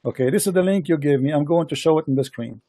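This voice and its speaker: A man hosting a heated online debate, insistent and repetitive, speaking halting non-native English into a computer mic. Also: fairly high pitch, warm tone, dry recording. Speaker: host of a live debate stream.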